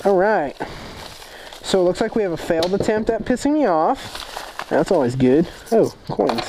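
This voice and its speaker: A man's voice: on the high side, warm tone, a little hiss or hum. A man hosting a casual fan-mail vlog, rambling and joking with lots of swearing. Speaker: motovlog host.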